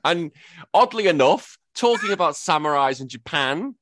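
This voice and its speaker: A man's voice: fairly high pitch, lively intonation, normal speed, fairly bright tone. A man hosting a casual gaming podcast, rambling and self-correcting with a joking tone. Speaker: podcast host.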